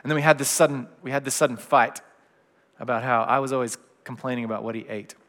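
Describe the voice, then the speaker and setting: A middle-aged man preaching a gentle, reflective sermon in a conversational way. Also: mid-range voice, fairly even intonation, fast. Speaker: pastor. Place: church hall. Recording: long hall reverb.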